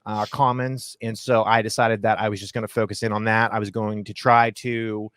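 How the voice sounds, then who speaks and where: A man's voice: fairly low pitch, level tone, normal speed, fairly bright tone, clean tone, no echo, studio quality. A man from Ohio, a full-time options trader, talking casually as a guest over a video call, rambling with fillers and restarts. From Ohio, USA. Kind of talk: casual conversational explanation.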